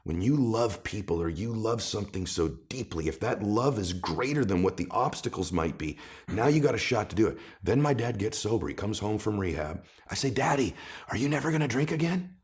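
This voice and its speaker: A man's voice: fairly low pitch, animated, a little fast. A middle-aged man, a guest author in an interview, telling personal stories with emphatic, building passion. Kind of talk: conversational interview storytelling.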